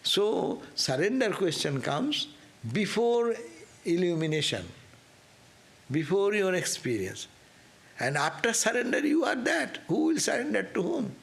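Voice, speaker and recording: A man's voice: high-pitched, very animated, unhurried, vocal fry, fairly bright tone. A man giving a spiritual class talk as a swami, earnest and questioning, with rising emphasis. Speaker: swami teaching scripture.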